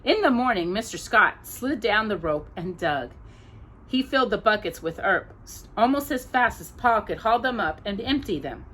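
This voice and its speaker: A woman hosting a storytime, reading a children's novel aloud in a gentle, expressive way. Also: medium pitch, husky. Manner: gentle and expressive, pausing for coughs. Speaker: storytime host.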